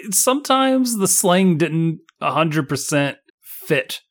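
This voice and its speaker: A man's voice: fairly high pitch, sing-song, slow pace. A man co-hosting a podcast, rambling casually about a movie with many restarts and repeated words. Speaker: podcast co-host. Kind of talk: casual movie-review chat.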